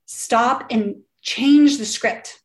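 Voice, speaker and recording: A woman's voice: a little high, very slow. A woman in her thirties, a podcast guest, talking in an earnest, encouraging way and laughing often. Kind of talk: casual interview talk. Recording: roomy echo.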